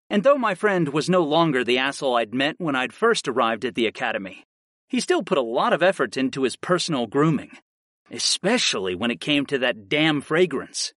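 A man narrates a first-person fantasy audiobook with expressive storytelling, his pitch rising and falling freely. The read is dry and close, with no room sound. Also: no echo.

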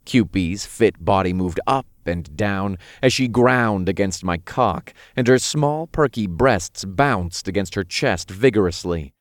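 Brief: male narrator, low voice, dry close-miked read. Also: animated, measured pace, hardly any pauses, dry recording. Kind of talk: scripted first-person narration.

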